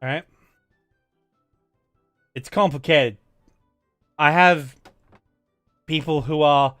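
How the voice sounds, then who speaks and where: A man's voice: mid-range voice, fairly bright tone, clean tone, dry recording. An Australian man hosting a let's play, a little tipsy, rambling and restarting as he explains things to his audience. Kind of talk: casual game commentary.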